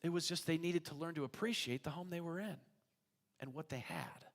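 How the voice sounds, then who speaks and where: Male pastor preaching, animated storyteller, fairly high voice, church hall reverb. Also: brisk. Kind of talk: sermon. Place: church sanctuary.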